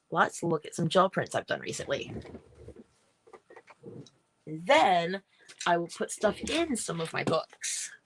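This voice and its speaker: A woman chatting casually as she shows her craft books on a livestream, rambling and often clearing her throat. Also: on the low side, background noise. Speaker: artist hosting a livestream. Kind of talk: casual craft show-and-tell.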